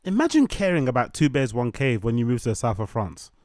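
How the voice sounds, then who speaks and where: A man delivers an opinionated commentary rant. He stacks points into quick lists at a mid-range pitch. The sound is close and dry, with no room echo. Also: very animated, a little mellow. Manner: opinionated, rapid listing, sarcastic. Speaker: commentary channel host. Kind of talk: ranting commentary on a podcast clip.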